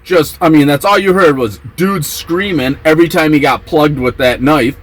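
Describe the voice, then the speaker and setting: A man telling a story from his time in prison in a casual vlog, acting out the quotes with excited yelps. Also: a little high, moderate pace, low-quality recording.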